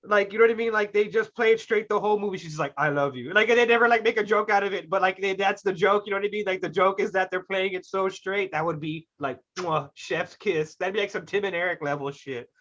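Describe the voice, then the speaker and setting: A man hosting a casual podcast, his voice pitched high and bright and cutting. He rambles through loose, swearing banter with a steady stream of filler words. The recording sounds dull and lo-fi. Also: quick pace, hardly any pauses. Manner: rambling, laughs a lot, swears, many "like" fillers. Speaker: podcast host.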